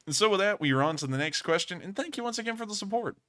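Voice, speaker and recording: A man's voice: high voice, animated, racing, fairly bright tone. A man hosting a live stream, answering viewer questions in a chatty, rambling way and often correcting himself. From United States. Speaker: host.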